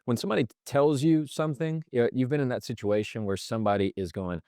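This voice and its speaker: A man's voice: medium pitch, quick pace, a little mellow, dry recording, studio quality. A man on a podcast as a guest, explaining communication habits through everyday examples and acting out the lines people say. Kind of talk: conversational explanation.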